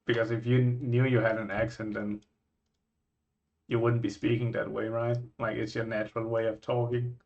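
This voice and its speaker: A man from Scandinavia, a vlogger reacting to places in casual chat, musing and thinking out loud with frequent restarts. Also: mid-range voice, little pitch movement, moderate pace, creaky, muffled recording.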